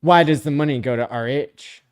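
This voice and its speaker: A man hosting a live stream, reading viewer comments out loud in a blunt, sarcastic, casual way. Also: medium pitch, normal speed, clear, resonant tone. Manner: blunt, sarcastic, profane, often laughing.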